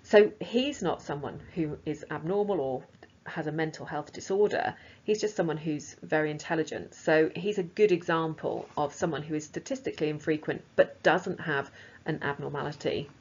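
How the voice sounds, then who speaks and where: A woman's voice: low voice, moderate pace, darkish tone, breathy edge. A woman teacher explaining a lesson in a casual, chatty way, with frequent fillers. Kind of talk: recorded lesson. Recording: slightly dull lo-fi sound.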